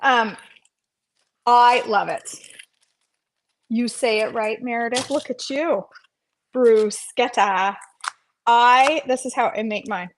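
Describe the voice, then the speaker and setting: A woman's voice: fairly high pitch, slow pace, pauses often, slight background noise. Chatty woman hosting a kitchen livestream. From North Carolina, USA. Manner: chatty, greets viewers by name, playful sing-song asides. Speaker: cooking livestream host. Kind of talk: casual live-stream chat while cooking.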